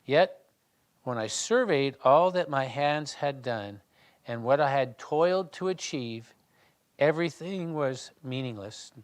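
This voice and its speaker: A man leading a Bible study, reading scripture aloud and then talking it through in a conversational way, often restarting and clearing his throat. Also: mid-range voice, lively intonation, a little slow. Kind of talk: reading scripture and discussing it in a small group.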